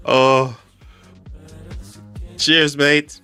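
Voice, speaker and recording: A man's voice: mid-range voice, lively intonation, a little slow, sharp tone. A man hosting a live game stream, chatty and joking with his chat, calling people mate. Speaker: livestream host. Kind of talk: casual live game commentary. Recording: faint music behind the voice.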